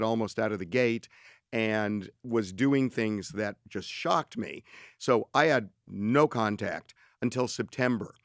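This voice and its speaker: A man's voice: mid-range voice, dry recording. Man telling a story in a dry room. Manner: animated anecdote, quotes others in his own voice. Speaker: podcast co-host telling a story. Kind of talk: casual storytelling conversation.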